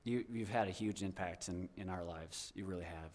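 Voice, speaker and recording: A man's voice: deep voice, moderate pace, darkish tone, slight background noise. Heartfelt, rambling man speaking to a church. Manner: rambling and heartfelt, many fillers and restarts. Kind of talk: informal testimony to a congregation.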